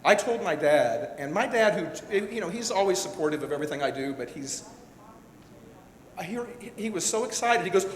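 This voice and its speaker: A man's voice: expressive, normal speed. Man speaking personally in an echoey hall. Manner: personal, emotional, rambling with restarts. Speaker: event speaker, director-producer. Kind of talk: candid speech to an audience. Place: large hall. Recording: echoey hall with faint rumble.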